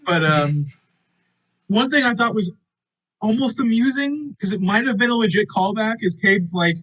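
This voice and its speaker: A young man co-hosting a movie review podcast, animated and sarcastic, swearing and acting out lines from the film. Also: high voice, normal speed, poor audio. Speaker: podcast co-host. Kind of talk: casual movie review chat. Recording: uneven audio in parts.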